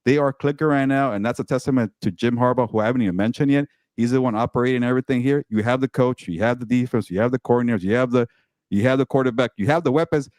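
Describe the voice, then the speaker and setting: Fast-talking excitable male sports co-host. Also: mid-range voice, no echo, studio quality. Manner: excitable, rapid, repeats words. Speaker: co-host and team reporter. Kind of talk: casual sports talk.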